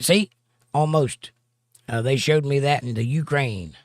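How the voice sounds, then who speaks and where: Male stream host, mid-pitched, unhurried chat reader, dry close mic. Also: no echo. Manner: reads viewer comments aloud in a steady conversational drawl. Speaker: livestream host reading chat. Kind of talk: casual chat.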